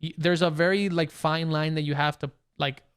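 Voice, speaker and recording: A young man co-hosting a podcast over a video call, talking in an excited, rambling way with many restarts. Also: fairly high pitch, normal speed, clear, resonant tone. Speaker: podcast co-host. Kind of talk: casual chat.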